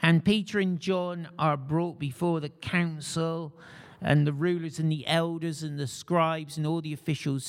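A man preaching a sermon at an unhurried pace, his voice slightly higher than most and rough with vocal fry. He talks to the congregation in a conversational way and keeps asking them questions. The sound rings with the long reverb of a church hall.

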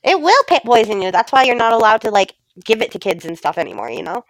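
A woman's voice: a little high, big pitch swings, quick pace, dry recording, low-quality recording. A woman co-hosting a podcast in casual chat, sounding skeptical and exasperated.

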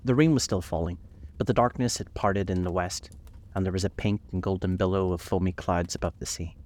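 A man narrating a classic novel in a measured, reflective reading, slowing on key passages. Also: deep voice, fairly even intonation, a little mellow, slight background noise.

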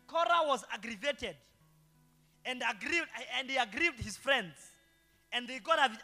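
High-pitched preacher, echoing hall. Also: male voice, sharp tone. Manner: preaching with rhetorical call-and-response questions. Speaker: pastor. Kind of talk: sermon. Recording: long hall reverb with faint guitar.

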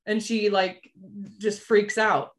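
A woman co-hosting a podcast in casual chat, animated and quick to slip into playful impressions. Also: medium pitch. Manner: animated, often slips into a posh drawling impression. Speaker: podcast co-host.

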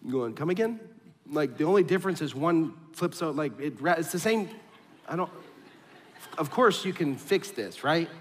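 A man's voice: a little high, expressive, moderate pace. A pastor in his thirties preaching a conversational sermon, telling stories against himself and speaking straight to his listeners. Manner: storytelling, self-deprecating, direct address to the congregation. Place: church auditorium. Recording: long reverb of a large hall.

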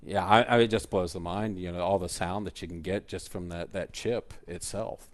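Deep-voiced middle-aged man reminiscing haltingly. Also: steady tone, darkish tone. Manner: halting, many fillers, reminiscing. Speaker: guest co-host, the host's father. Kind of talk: casual podcast chat.

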